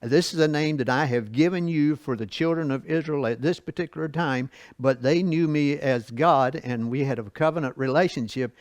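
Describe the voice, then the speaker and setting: Brief: male church Bible teacher, folksy and chatty, chuckles between points, fairly high voice, dry close sound. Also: moderate pace, hardly any pauses, dry recording. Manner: asks the class rhetorical questions. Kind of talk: church Bible lesson, reading and explaining scripture.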